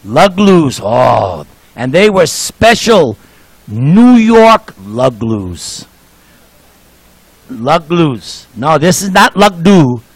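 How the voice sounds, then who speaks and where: A man's voice: on the high side, big pitch swings, very slow, slightly rough, dry recording, low-quality recording. A man in his sixties giving a sermon, joking and telling anecdotes to the congregation. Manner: jovial, joking storyteller. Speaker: speaker at a temple program.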